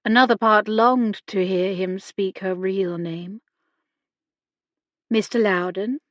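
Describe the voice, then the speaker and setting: A woman narrates a novel at a very slow, measured pace. Her voice sits at a middle pitch. It is recorded dry and close, with no room sound. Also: a bit bright, no room sound. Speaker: audiobook narrator. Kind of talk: scripted narration.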